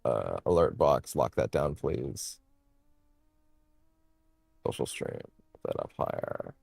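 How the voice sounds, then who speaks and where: A man's voice: extremely low pitch, sing-song, takes it slowly, vocal fry, a little mellow, slightly rough, dry recording. A man streaming a game, rambling to himself as he fiddles with settings and corrects himself, on a studio microphone. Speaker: let's play streamer. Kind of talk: casual gameplay commentary.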